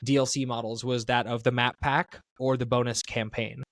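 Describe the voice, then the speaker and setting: A man talks through his opinions on a casual podcast, rambling and self-correcting as he goes. His voice sits at an ordinary pitch and is recorded close and dry. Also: flat delivery, normal speed, no room sound. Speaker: podcast co-host.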